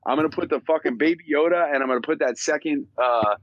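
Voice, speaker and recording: A man's voice: on the high side, quick pace, highs cut off. A man co-hosting a podcast, chatting casually in a rambling, joking way with plenty of swearing. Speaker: podcast co-host.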